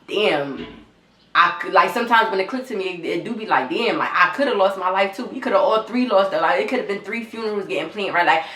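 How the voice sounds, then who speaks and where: A woman's voice: mid-range voice, expressive, quick pace, fairly bright tone, reverberant. A young woman telling her story straight to viewers in a vlog, near tears, raw and repetitive, swearing often. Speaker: vlogger.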